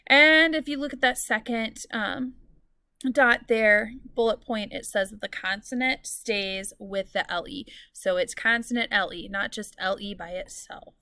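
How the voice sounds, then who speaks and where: A woman's voice: a little high, measured pace, bright, forceful tone, no echo. Patient woman teacher, dry close sound. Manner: clear, patient teacherly explaining, drawing out example words. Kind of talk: recorded lesson for students.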